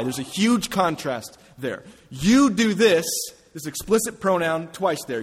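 A man preaching a sermon as a pastor, earnest, often dropping to a hush for emphasis. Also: on the high side, very animated, unhurried, breathy edge, in a large hall.

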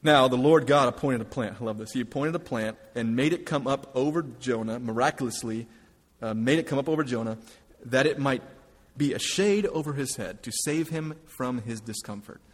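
A man preaching a sermon as a pastor, earnest, often dropping to a hush for emphasis. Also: medium pitch, normal speed, long reverb tail.

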